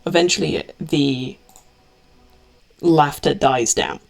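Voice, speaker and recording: A woman narrating as game master in a tabletop game, describing scenes deliberately. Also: low-pitched.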